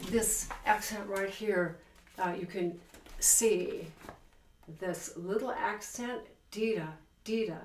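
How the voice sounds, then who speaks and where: A woman's voice: mid-range voice, a little hiss or hum. A woman teaching a piano piece, counting beats and singing phrases aloud with enthusiasm. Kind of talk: piano tutorial talk. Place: room with a piano. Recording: roomy sound from a distant mic, with loud piano. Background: piano playing.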